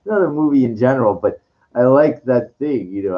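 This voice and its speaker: A man talking in a rambling, casual monologue, full of restarts and fillers, sometimes dropping into a low slow voice to quote lines. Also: highs cut off.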